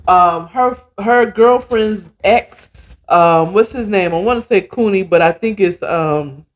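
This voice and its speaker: A woman's voice: mid-range voice, measured pace. A woman hosting a casual storytelling podcast, chatty and digressive with lots of asides.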